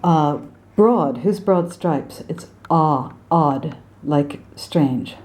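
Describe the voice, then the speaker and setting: Low, slow woman coaching pronunciation. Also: lively intonation, darkish tone. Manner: deliberate, demonstrates sounds by contrast. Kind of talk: spoken pronunciation lesson.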